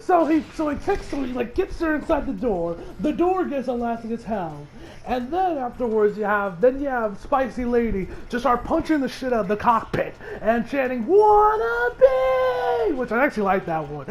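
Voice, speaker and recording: A young man giving a casual, excitable recap of an anime episode, swearing freely and rambling with restarts. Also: extremely high pitch, normal speed, a little hiss or hum. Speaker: anime reviewer.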